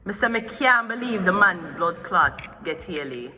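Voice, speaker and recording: Heated woman, tarot reader, profane rant, bright tone, echoey room. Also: fairly low pitch, expressive, a little slow, slight background noise. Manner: profane, heated, swearing often. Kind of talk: ranting gossip commentary.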